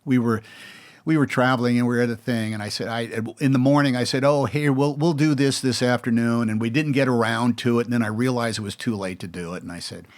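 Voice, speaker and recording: A man's voice: mid-range voice, quick pace. A man in his sixties with an American accent, telling stories in a casual interview, rambling with restarts and mimicking other voices. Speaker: actor, interview guest.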